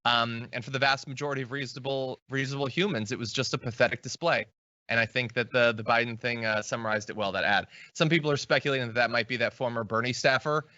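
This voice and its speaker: A man's voice: medium pitch, steady tone, quick pace, bright, forceful tone, no room sound. A man hosting a political commentary show, talking in a casual, wry way. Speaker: host. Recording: dry, dull lo-fi sound.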